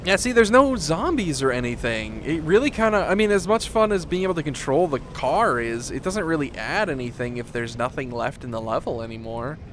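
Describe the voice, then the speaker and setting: A man commenting on a VR rollercoaster game, swearing, pleading and laughing, with frequent swings into panicked yelling. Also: on the high side, animated, brisk, few pauses, slight background noise. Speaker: gaming YouTuber. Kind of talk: VR gameplay commentary.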